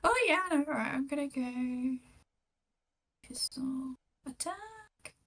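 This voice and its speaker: A woman playing a tabletop role-playing game, chatting casually and cheering loudly at good rolls. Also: high-pitched, noisy background. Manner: excited, quick to cheer. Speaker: player.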